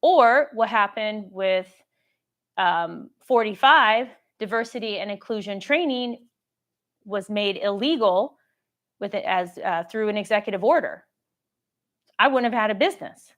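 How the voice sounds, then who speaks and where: A woman hosting a casual live-stream Q&A, telling stories in a lively way and acting out the people in them. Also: medium pitch, unhurried. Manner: animated storytelling, acts out quoted dialogue; reads viewer questions aloud. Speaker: government contracting coach.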